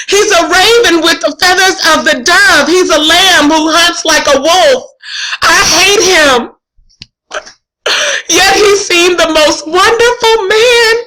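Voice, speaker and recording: A grieving young girl in love, torn between fury and loyalty, read aloud by a woman in a classroom reading. The voice sits high and bright, and the delivery is a plain read-aloud of modern prose rather than stage acting. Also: exaggerated voice, low-quality recording.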